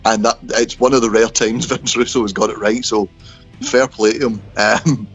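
A man with a lowish voice co-hosts a casual podcast, chatting about wrestling history and working through old events at an easy, moderate pace in a steady tone. He's laid-back and talkative, and he swears. Faint music plays behind him, and the lo-fi audio sounds slightly dull.

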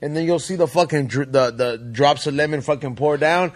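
A man, hosting a podcast and telling stories in quick, profane, slang-heavy chat. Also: a little high. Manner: fast, slangy, profane chatter. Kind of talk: casual chat.

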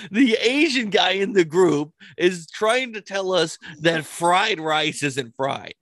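A man's voice: high voice, slow pace, no room sound. A man telling stories in casual chat, swearing freely and often breaking into laughter. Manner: animated storytelling with frequent laughter and swearing.

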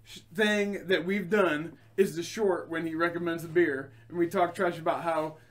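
A man co-hosting a casual podcast, talking haltingly with many restarts and frequent laughter. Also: on the high side, fairly even intonation, fairly bright tone. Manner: hesitant, restarts, laughs often. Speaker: podcast co-host. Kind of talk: casual drunk banter.

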